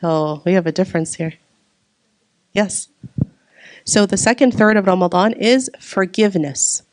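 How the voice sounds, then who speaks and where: A woman's voice: medium pitch, unhurried, a little mellow, no room sound. A woman giving a religious talk to a live audience, asking them questions and repeating key words for emphasis. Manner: asks the audience questions and waits for answers. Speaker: religious teacher.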